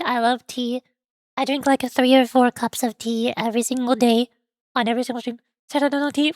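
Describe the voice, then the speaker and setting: A woman hosting a livestream, chatting casually in a playful, excitable way and teasing her chat with mock indignation. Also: on the high side, normal speed, no echo. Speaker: livestream host.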